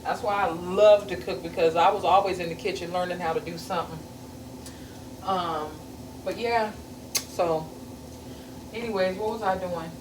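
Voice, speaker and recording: A middle-aged Southern woman, a home cook vlogger, chats casually in her home kitchen as she cooks, earthy, a bit profane, with folksy grammar and stories she drifts off into. Her lowish voice keeps a fairly even intonation at a moderate pace, and she pauses often. The noisy recording is echoey, with the mic far off and a pan sizzling.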